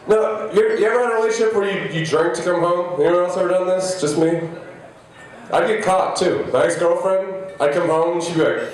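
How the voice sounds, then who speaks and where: A man in his thirties doing a stand-up set, rambling and self-deprecating, with halting restarts. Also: sits high. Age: 30s. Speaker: stand-up comedian. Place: comedy club stage. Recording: echoey live venue, mic heard from a distance.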